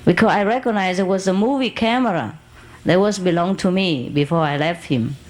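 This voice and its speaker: A woman's voice: fairly low pitch, fairly quick, poor audio. Woman telling a rambling personal story. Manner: animated anecdote with laughs and acted quotes, broken English grammar. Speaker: spiritual teacher. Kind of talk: storytelling talk to an audience.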